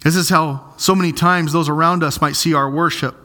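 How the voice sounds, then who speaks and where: An earnest male pastor delivers a sermon in a high voice. His tone is bright and ringing. He presses his points home by repeating phrases slowly and deliberately. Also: fairly even intonation. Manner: earnest, emphatic preaching with slow, stressed repetitions.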